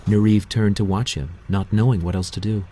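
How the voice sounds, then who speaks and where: A man narrating a novel in a measured, steady audiobook reading. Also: on the low side, slightly rough, poor audio.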